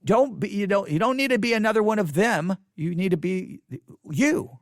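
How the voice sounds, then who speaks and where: A man hosting a solo podcast, talking off the cuff in an animated, repetitive way with many restarts. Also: sits high, moderate pace, no echo, studio quality. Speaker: podcast host. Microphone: studio microphone.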